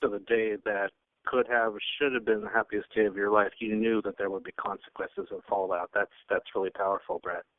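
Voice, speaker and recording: A man's voice: fairly low pitch, steady tone, brisk, dry recording. A man hosting a radio interview, supportive and repeating words as he shapes his questions. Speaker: radio host. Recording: tinny phone line.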